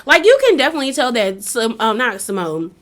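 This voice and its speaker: A woman's voice: on the high side, big pitch swings, fairly quick, fairly bright tone. A woman giving a casual, opinionated recap of a reality show. She talks chattily, with a lot of "like", and acts out the quotes.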